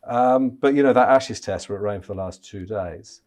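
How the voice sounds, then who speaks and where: A man's voice: lowish voice, normal speed, darkish tone. A man, a chief cricket correspondent, chatting casually on a podcast, with frequent stammering restarts.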